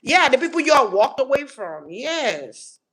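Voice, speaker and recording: Woman doing a tarot reading, blunt slangy talk, cussing a lot, kinda high voice, hissy noisy recording. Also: big pitch swings, a little slow, fairly bright tone. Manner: blunt, slangy, swears freely; emphatic, restarts and repeats words. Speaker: tarot reader. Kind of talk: casual collective tarot reading.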